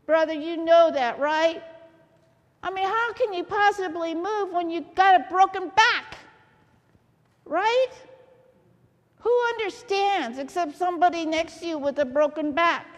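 A woman preaches with a high voice. She talks slowly and keeps turning to the congregation with questions. Her voice rings with the long reverb of a church hall. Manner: lively, asks the congregation questions often. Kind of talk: sermon.

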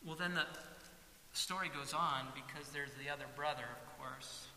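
A man preaching a sermon, telling a story in an animated way. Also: fairly high pitch, moderate pace. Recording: echoey hall with faint hiss.

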